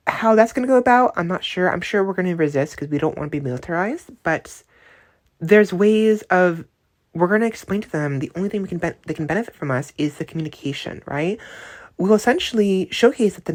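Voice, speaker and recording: A woman with a notably low, deep-set voice talks through a dream in a casual, unscripted voice memo. She rambles, doubles back on her words and keeps checking in with the listener. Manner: rambling, many restarts and tag questions. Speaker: dream storyteller.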